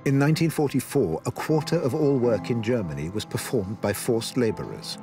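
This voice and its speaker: A man reading a documentary narration in an even, informative way. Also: mid-range voice, brisk, music in the background. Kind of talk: scripted narration.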